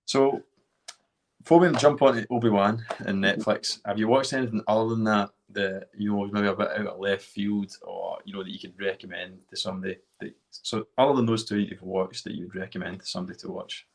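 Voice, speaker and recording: A man's voice: lowish voice, steady tone, brisk, vocal fry. A man hosting a casual live chat, talking enthusiastically and rambling a little. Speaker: host. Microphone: video call.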